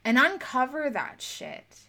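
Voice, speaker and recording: A woman's voice: sits high, very animated, slow, vocal fry, bright, forceful tone. A young adult woman giving a casual motivational talk as a spiritual coach, blunt and swearing freely, acting out the voices she quotes.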